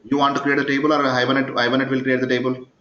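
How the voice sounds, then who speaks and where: A programming instructor fires off rapid, level-toned speech in a medium pitch while teaching a live coding lecture. He constantly checks in by quizzing students with "yes or no?" The class session is recorded with an echoey, dull sound.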